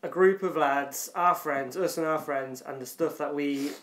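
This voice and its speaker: A man's voice: a little high, a little slow, a bit bright. A man with a slightly raised voice chats freely, full of fillers and ready to laugh. He sounds like he's recording at home in a bare, echoing room. The talk is friendly back-and-forth with a friend. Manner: chatty, laughs often, filler-heavy. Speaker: podcast co-host. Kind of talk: casual chat. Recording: echoey room.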